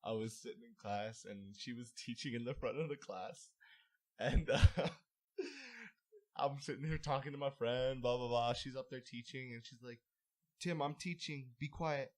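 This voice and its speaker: A man's voice: medium pitch, steady tone, moderate pace. Young male co-host, mid voice, storyteller who acts out every quote. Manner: dramatic storyteller, mimicking voices, laughing. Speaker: podcast co-host. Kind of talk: casual chat among friends.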